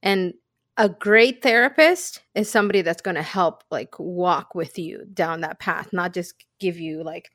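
A woman's voice: on the low side, a little slow, a bit bright, dry recording, studio quality. A woman co-hosting a podcast in casual chat, reflective and candid, telling personal stories. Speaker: podcast co-host.

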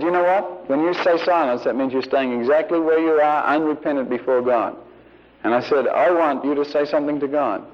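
A man's voice: a little high, lo-fi sound. A man preaching a sermon, telling stories and acting out the people he quotes. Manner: anecdotal, acts out quoted voices. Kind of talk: sermon storytelling.

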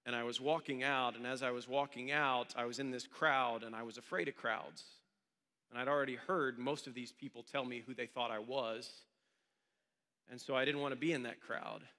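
A man's voice: medium pitch, fairly even intonation, moderate pace, pushed and bright, long reverb tail. A male pastor telling a story during a sermon in a church meeting room, in a loose, conversational way.

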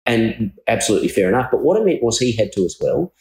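A man's voice: medium pitch, sing-song, fast talker, a little mellow. A man with an Australian accent hosting a podcast interview, talking earnestly and feeling his way through his thoughts. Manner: earnest, searching, many restarts. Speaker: podcast host. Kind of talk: conversational interview. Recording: roomy echo.

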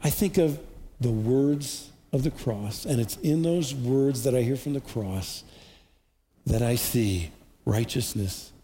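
A man's voice: mid-range voice, mellow. Earnest man preaching in a hall. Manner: earnest, preaching with slow emphatic repetitions. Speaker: pastor. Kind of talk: sermon. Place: church hall. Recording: distant reverberant hall recording with faint noise.

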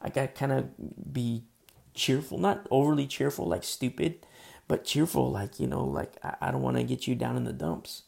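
A man delivers a chatty sermon in a rough, gravelly voice with a dark, mellow tone. He talks loosely, with plenty of fillers, and acts out the figures he quotes. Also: medium pitch, lively intonation, moderate pace. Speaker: pastor. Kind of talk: casual sermon.

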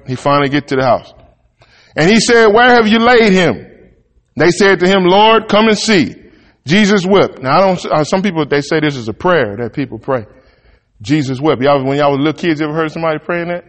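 High-voiced preacher in an echoing church. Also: male voice. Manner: conversational, reads verses then riffs in folksy Southern-style talk. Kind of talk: sermon with scripture reading.

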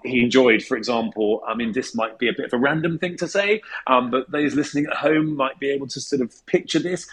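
A man of middle pitch talks as a guest historian, laying out his answers step by step. He tells anecdotes at length and fills his pauses with ums as he thinks. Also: low-quality recording. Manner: measured, anecdotal, with thinking fillers. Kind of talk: explanatory interview answers.

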